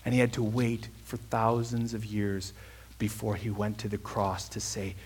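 A man's voice: on the low side, level tone, moderate pace, husky. A man preaching a conversational sermon, telling a personal story with earnest emphasis and then leading a prayer.

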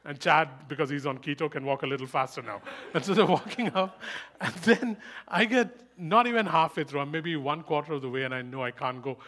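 A man preaches to a live congregation in a voice that sits a little high for a man. He tells stories with lively humour and laughs often. He repeats his key lines for emphasis. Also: a little fast, hardly any pauses. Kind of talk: sermon with personal anecdote.

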